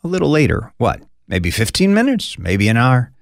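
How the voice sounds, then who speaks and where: A man teaching scripture as a pastor, his pitch swinging widely as he acts out quoted lines. His voice carries a gravelly edge, and the recording is dry and close. He adds conversational, folksy asides. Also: huge pitch swings, normal speed, no echo. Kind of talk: Bible study teaching.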